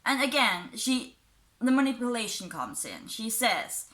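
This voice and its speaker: Unhurried and sing-song, her voice sits on the high side with a bit of brightness. This woman, a commentary YouTuber, reads posts aloud and ridicules them sarcastically, chuckling between points and noting her self-described unusual accent.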